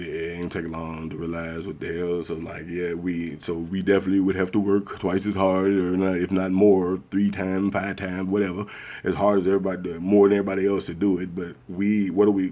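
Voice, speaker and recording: A man, talking bluntly and profanely in a casual ranting monologue. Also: a little mellow. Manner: blunt, profane, acts out others in high mocking voices. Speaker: commentary vlogger.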